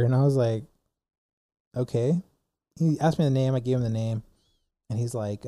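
Young man rambling through a story, dark voice. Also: medium pitch, normal speed, long pauses, no echo, clean studio sound. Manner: rambling, animated storyteller with many "like"s. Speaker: podcast co-host. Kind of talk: casual storytelling chat.

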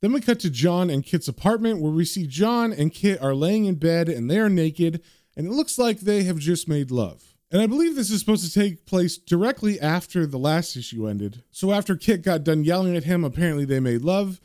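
A man casually recapping a comic issue, switching to slow, lower reading for quoted narration. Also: lively intonation, a little mellow, dry recording, studio quality. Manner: conversational, reads narration slowly. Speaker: comic book reviewer.

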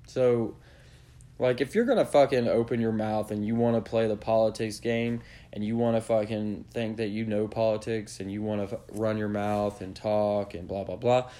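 Guy ranting on his podcast, swears constantly, lowish voice, blunt and lecturing. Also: steady tone, normal speed, dark tone. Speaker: podcast host. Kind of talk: opinionated rant.

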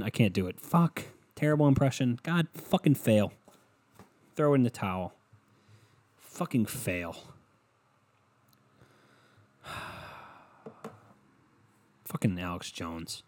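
A man's voice: fairly low pitch, expressive, slow, long pauses, a little mellow, dry recording. A young man hosting a solo comedy podcast, rambling and swearing and laughing at his own jokes. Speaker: podcast host.

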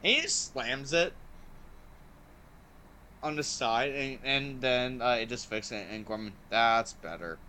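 A man hosting a podcast, chatting casually and excitedly about a movie, with lots of "like" and "um" fillers. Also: mid-range voice, unhurried, pauses often, a little hiss or hum. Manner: excited and rambling, heavy use of "like" and "um". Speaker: podcast host. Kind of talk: casual movie review chat.

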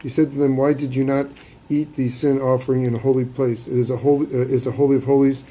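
A man reads scripture aloud to a study group, steady but stumbling now and then. His voice is very dark and mellow. Faint background noise sits underneath. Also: mid-range voice, fast talker, poor audio. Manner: steady reading with small stumbles. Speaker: class participant reading aloud.

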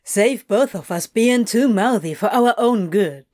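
A woman reading an audiobook, voicing a wry, guarded young man who swears bluntly and scolds himself, spoken at a slow, unhurried pace. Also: medium pitch, expressive, darkish tone, natural voice. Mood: candid, offhand.

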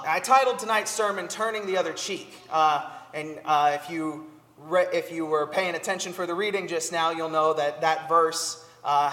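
A young man giving a sermon, telling a personal story earnestly with many "uh" fillers and reading scripture in a slower, measured way. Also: fairly high pitch, pushed and bright. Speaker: preacher. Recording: long hall reverb.

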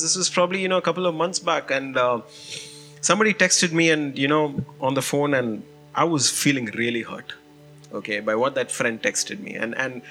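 Male pastor, animated sermon storyteller, bright tone over soft music. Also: fairly high pitch. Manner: animated storytelling, frequent "you know" and "man".

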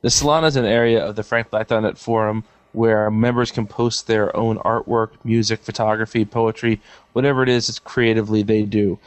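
Dry sarcastic podcast co-host. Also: male voice, lowish voice, fairly even intonation, a little fast, dry recording. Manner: dry, sarcastic, matter-of-fact. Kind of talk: casual podcast chat.

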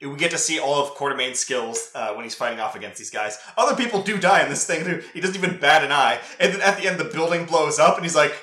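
Brief: man with a sharp, fairly high voice chatting about a film, echoey room. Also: lively intonation, fast, hardly any pauses. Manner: chatty, laughing, quoting scenes. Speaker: podcast co-host. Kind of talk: casual movie review chat.

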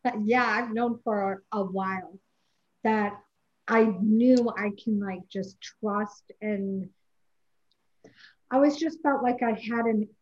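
A woman hosting a casual podcast conversation, relaxed and a little hesitant as she reflects. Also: medium pitch, takes it slowly. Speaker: podcast host. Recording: dull lo-fi audio.

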